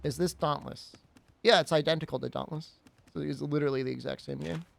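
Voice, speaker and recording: A man's voice: a little high, fairly even intonation, brisk, gravelly, slight background noise. A man streaming a game, chatting casually and rambling, with frequent giggles and teasing. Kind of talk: casual gaming stream chat.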